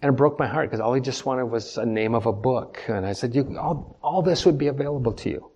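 A man's voice: mid-range voice, fairly quick, a little mellow, slightly rough, lo-fi sound. A man preaching a sermon as pastor, emphatic, repeating key points and putting questions to the congregation. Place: church.

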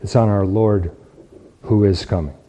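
Earnest man preaching in a dark voice. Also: on the low side, steady tone, measured pace. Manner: earnest, repeats phrases for emphasis. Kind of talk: sermon with scripture reading.

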